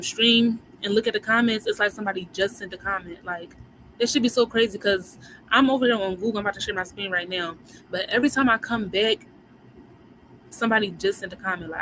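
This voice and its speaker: A Philadelphia woman with a Philly accent hosts a livestream, chatting in a slangy way directly to her viewers about moon phases. Her voice is medium-pitched and a bit bright, but the audio is poor, with clearly audible background noise.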